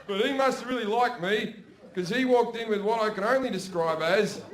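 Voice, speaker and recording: A brash Australian man on stage, telling filthy stories with a loud, high-pitched delivery. His voice rings out through an echoey live venue with plenty of background noise. He is middle-aged and swears freely as he works the crowd. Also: normal speed. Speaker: stand-up comedian. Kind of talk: stand-up comedy set. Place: comedy stage before a live audience.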